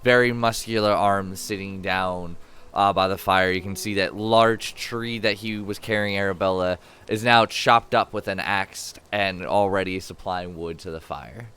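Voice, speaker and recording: A man narrating a tabletop role-playing game as game master, describing scenes in a casual, halting way with many fillers. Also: deep voice, sharp tone, clear, resonant tone.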